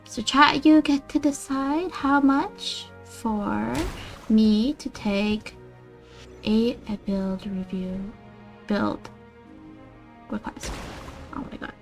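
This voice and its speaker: A woman's voice: a little high, extremely slow, long pauses, faint music behind. A woman streaming a game, chatting casually with her viewers in a playfully dramatic way, sometimes dropping into a half-whisper. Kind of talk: casual live-stream chat while gaming.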